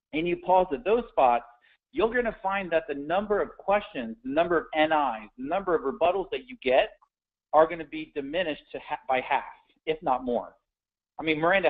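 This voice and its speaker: A man coaching sales agents on phone scripts in a conversational, direct way, often restarting his words. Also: fairly high pitch. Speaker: sales trainer. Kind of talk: instructional talk on phone scripts. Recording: tinny phone-like audio.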